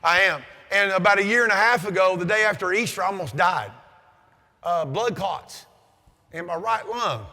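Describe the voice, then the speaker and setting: A man in his fifties giving a loud, forceful motivational speech at a conference. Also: sits high, expressive, moderate pace, gravelly. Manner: loud, forceful, self-described aggressive and over the top. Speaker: conference keynote speaker. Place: large conference hall. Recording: long hall reverb.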